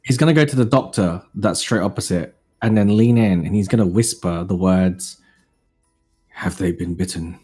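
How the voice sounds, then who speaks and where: A man's voice: on the low side, normal speed, few pauses, mellow, faint music behind. A man playing a tabletop game, asking the game master questions and describing what his character does. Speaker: player.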